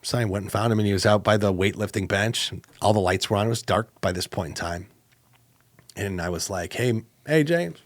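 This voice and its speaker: A man co-hosting a podcast, telling a personal story in a casual, animated way with lots of fillers. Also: fairly quick, dry recording. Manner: animated, acts out quoted exchanges with jumps in pitch; conversational, with many fillers and restarts. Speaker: podcast co-host.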